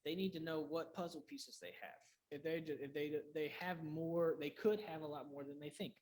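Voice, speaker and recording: A man coaching quiz teams in a workshop, energetic and quick to restart sentences while firing example questions. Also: a little high. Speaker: quiz coach leading a clinic.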